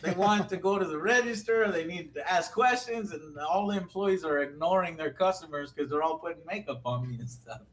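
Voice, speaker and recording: A man's voice: a little high, fairly quick, hardly any pauses, a little hiss or hum. A man from Texas, a guest on a casual livestream, telling stories with energy and acting out what people said. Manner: animated storyteller who acts out quotes.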